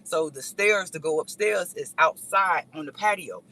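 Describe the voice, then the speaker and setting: A woman's voice: deep voice, normal speed, rough recording. A woman vlogger telling a rambling story in a casual chat, speaking straight to her viewers. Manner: animated, rambling, addresses viewers directly.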